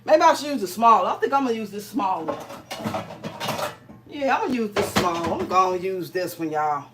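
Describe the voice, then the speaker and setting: A woman's voice: mid-range voice, lively intonation, normal speed, background noise. A woman hosting a casual livestream while she cooks, chatting freely, laughing often and reading out viewer comments. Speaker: livestream host.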